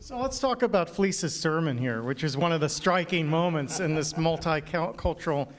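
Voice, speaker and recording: A man with a fairly high voice leads the interview. He sets up each question with a little context, then hands it over plainly. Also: lively intonation, moderate pace.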